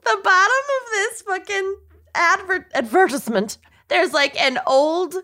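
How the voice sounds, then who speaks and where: A woman's voice: very high voice, measured pace, bright, forceful tone. A woman co-hosting a podcast in casual chat, exclaiming and swearing freely. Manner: exclamatory and profane. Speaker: podcast co-host.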